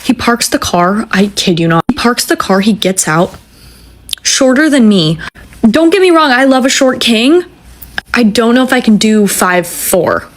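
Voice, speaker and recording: A woman in her twenties telling a dating story, animated, profane and self-mocking. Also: a little high, unhurried. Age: 20s. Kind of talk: casual storytelling.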